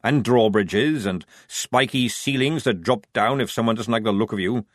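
Male reader as a gruff, sly old sergeant, rough speech, dry close sound. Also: lowish voice, normal speed, dry recording, close to an everyday voice. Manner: rough working-class speech, dropped words. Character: gruff, crafty old army sergeant, man.

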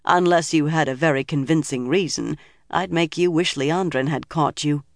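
A man's voice: a little high, moderate pace, creaky, dry recording. A man voicing a dry, authoritative older woman leader in an audiobook reading. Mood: dry warning.

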